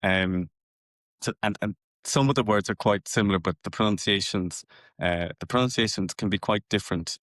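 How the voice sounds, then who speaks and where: A man's voice: on the low side, normal speed, fairly bright tone, no echo, studio quality. Hesitant man, mild Cork accent. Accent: mild Cork Irish. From Cork, Ireland. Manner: hesitant, many restarts and uhs. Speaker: podcast guest. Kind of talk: casual chat.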